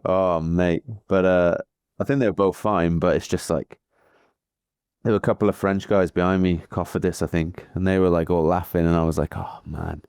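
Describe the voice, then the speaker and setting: A man's voice: sits low, steady tone, normal speed, a little mellow, clean tone, dry recording, clean studio sound. A Welsh man co-hosting a cycling podcast, telling stories in a laid-back, chatty way. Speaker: podcast co-host, pro cyclist. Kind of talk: casual podcast chat.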